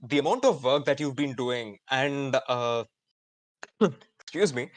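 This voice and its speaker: A man in his twenties with an Indian English accent, hosting a live online student event in an energetic, chatty way with many fillers. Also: fairly high pitch, no echo. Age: 20s. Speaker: host.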